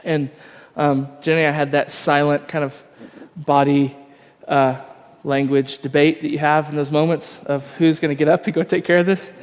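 A man's voice: fairly high pitch, little pitch movement, moderate pace, few pauses, long reverb tail. A man, probably in his thirties, preaching a sermon in a conversational, self-deprecating storytelling way with frequent fillers. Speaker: pastor.

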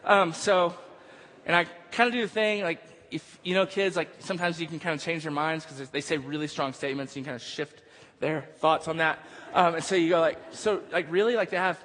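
A man's voice: a little high, fairly even intonation, brisk, a bit bright. A male pastor preaching a sermon, moving from casual storytelling into emphatic preaching. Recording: long hall reverb.

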